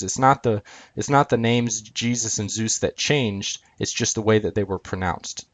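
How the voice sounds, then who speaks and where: A man explaining a chart on screen, talking hesitantly with many filler sounds. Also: fairly low pitch. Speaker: video presenter.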